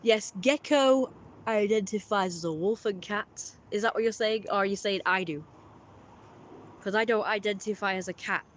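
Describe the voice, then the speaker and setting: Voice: medium pitch, normal speed. A livestream host chatting casually with viewers and reading their messages, rambling and often correcting themselves in a friendly way.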